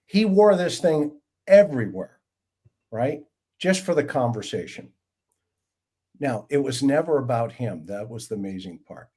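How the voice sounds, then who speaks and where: Mellow-voiced enthusiastic male host. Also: medium pitch, sing-song, measured pace, long pauses, slightly rough. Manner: enthusiastic storyteller, emphatic. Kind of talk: livestream panel chat.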